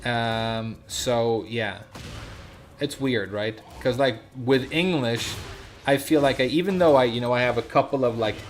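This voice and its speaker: A man's voice: mid-range voice, measured pace. Casual male streamer, rambling delivery, slightly off S sounds, faint background hiss. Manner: rambling, many fillers and restarts.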